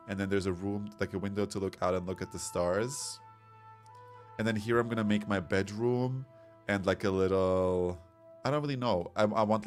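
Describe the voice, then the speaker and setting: A man streaming a game, chatting casually and rambling as he reads chat comments aloud. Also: lowish voice. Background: soft background music.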